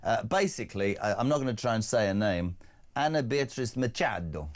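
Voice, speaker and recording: A man's voice: on the low side, lively intonation, fairly quick, slight background noise. A man with an English accent hosting a breakfast talk show, blunt and indignant, with joking asides. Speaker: radio and TV breakfast show host. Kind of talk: opinionated talk radio chat.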